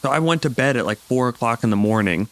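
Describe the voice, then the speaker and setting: A man's voice: medium pitch, expressive, fast. A hungover young man hosting a comedy podcast, telling a rambling, profane story and laughing often. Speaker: podcast host. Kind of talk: casual storytelling.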